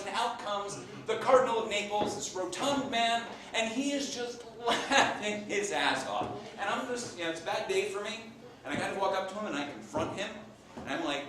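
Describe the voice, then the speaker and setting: A man doing a comic in-character monologue as an improv performer, an animated storyteller playing a Renaissance papal scribe. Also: sits high, normal speed, background noise. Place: live theater stage. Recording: echoey stage from far off.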